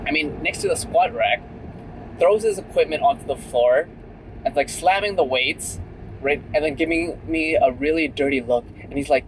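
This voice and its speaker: A man's voice: on the high side, normal speed, slight background noise, rough recording. Chatty young man vlogging from his car. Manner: chatty and candid, many fillers like "like" and "right?". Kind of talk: casual storytelling vlog. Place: in a car while driving.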